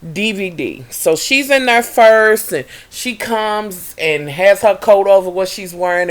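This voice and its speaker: A young woman recapping a reality TV episode in a sassy, profane, gossipy way. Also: mid-range voice. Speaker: TV recap vlogger.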